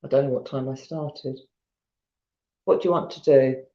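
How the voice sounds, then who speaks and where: A Southern English woman sits on her sofa at home, reading ghost stories to her live stream audience and chatting with them in between. She speaks at a moderate pace in an extremely low, warm voice with fairly even intonation, captured in roomy, dull lo-fi audio.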